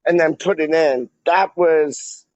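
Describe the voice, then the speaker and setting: A man's voice: a little high, slow, darkish tone, no echo. A man chatting casually on a livestream as a fan vlogger, rambling in slang and filling his talk with "like" and "man". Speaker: fan vlogger reading live chat. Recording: dull lo-fi audio.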